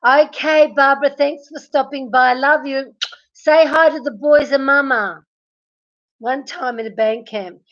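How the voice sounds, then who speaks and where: Woman livestreamer, high voice, slow unhurried talk, chatty, getting hoarse, dull lo-fi sound. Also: steady tone. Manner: chatty, greets viewers by name, laughs a lot. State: losing her voice. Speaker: livestream host. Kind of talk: casual live chat reading comments. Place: at home, in bed.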